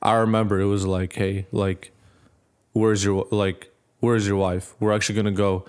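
Young man, low-pitched voice, casual storytelling, animated, quotes people in their voices. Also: moderate pace, clear, resonant tone. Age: young adult. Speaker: podcast co-host.

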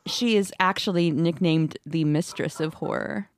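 A woman's voice: sits low, measured pace. A woman hosting a podcast in casual chat, with teasing, dry humor. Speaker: podcast host.

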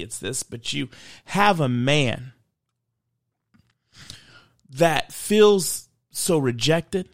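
A man's voice: mid-range voice, creaky, fairly bright tone, no echo, clean studio sound. A man hosting a faith podcast, speaking earnestly and emotionally, choked up, building into a preachy delivery. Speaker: podcast host.

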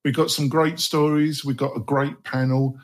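A man hosting a roundtable podcast, joking and laughing with many halting fillers. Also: medium pitch, flat delivery. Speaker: podcast host. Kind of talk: casual roundtable chat.

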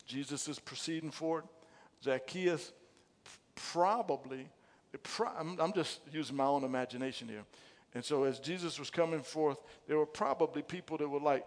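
A man's voice: fairly high pitch, steady tone, moderate pace. Fervent preacher man in an echoing hall. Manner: fervent, builds from quiet asides to shouted emphasis; stammering restarts and repeated words. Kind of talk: sermon. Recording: long echo of a large hall.

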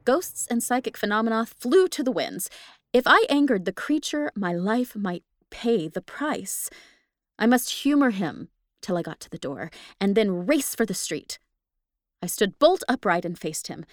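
A woman podcast host reading a ghost story aloud, expressive, with casual asides to listeners. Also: medium pitch, a little slow, no room sound, clean studio sound. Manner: expressive, laughs at the text between passages.

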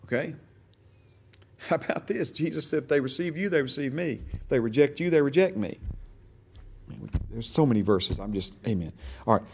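A man's voice: mid-range voice, animated, a little fast, gravelly, long pauses, a little hiss or hum. A man teaching a Bible class in a conversational way, repeating phrases for emphasis and checking that his listeners follow him.

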